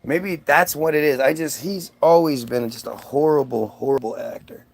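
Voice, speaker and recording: A man with a high voice and a gravelly rasp, ranting in a loose, rambling stream full of swearing. He breaks off and restarts his sentences often as he talks to his viewers. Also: moderate pace. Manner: rambling, profane, many restarts. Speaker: vlogger. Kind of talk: ranting monologue.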